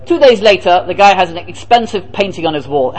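Man, very high voice, rabbi, Torah lecture, rhetorical questions, acts out the people he quotes. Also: lively intonation, a little fast, rough recording. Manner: rhetorical, asks and answers his own questions.

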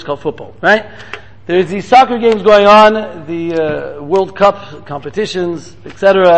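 A sheepish teenage boy apologizes and explains himself in a rush, as a man tells the story. His pitch runs high. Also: slight background noise, lightly acted.

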